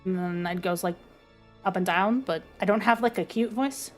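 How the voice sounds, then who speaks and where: Low-voiced woman streamer, chatty. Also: moderate pace, faint music behind. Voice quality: low, dark speaking voice. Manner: chatty, self-deprecating, lots of fillers. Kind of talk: casual chat stream.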